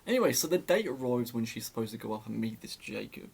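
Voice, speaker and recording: A man's voice: medium pitch, very animated, fast talker, vocal fry, darkish tone, breathy edge. A young man telling a story in a casual, sarcastic way, often laughing at it.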